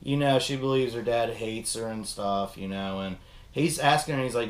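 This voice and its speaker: A man's voice: medium pitch, normal speed. Casting: young male host, loose profane rambling chat, roomy echo. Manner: rambling, profane, animated retelling. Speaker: podcast host reviewing a film. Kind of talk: casual chat.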